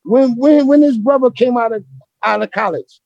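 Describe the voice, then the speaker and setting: High-voiced New man telling stories. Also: moderate pace, gravelly, no room sound, lo-fi sound. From Brooklyn, New York. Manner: animated, slangy, rambling street talk. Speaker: interview guest, former street basketball player. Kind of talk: casual storytelling interview.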